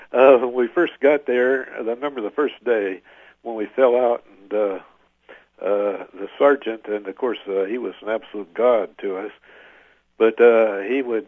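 An older man, a veteran, recalling his service in an oral history interview, halting with many filler pauses. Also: mid-range voice, no room sound. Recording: tinny phone-like line, dry.

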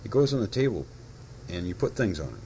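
A man's voice: on the low side, very animated, fast talker, warm tone, a little hiss or hum. A man voicing a sleepy, good-natured teddy bear in a storybook reading, polite and mildly puzzled.

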